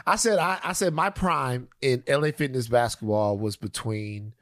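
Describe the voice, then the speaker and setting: A man's voice: mid-range voice, unhurried, hardly any pauses, a bit bright, dry recording, clean studio sound. A man co-hosting a podcast in casual chat, rambling and joking, repeating phrases for laughs. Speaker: podcast co-host.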